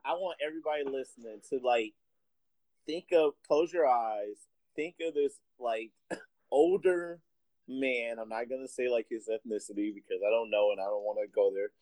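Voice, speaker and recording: A man's voice: mid-range voice, moderate pace, no echo, low-quality recording. A man telling a funny story in casual chat, acting out what people said and laughing often. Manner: expressive, laughing storyteller who acts out quotes.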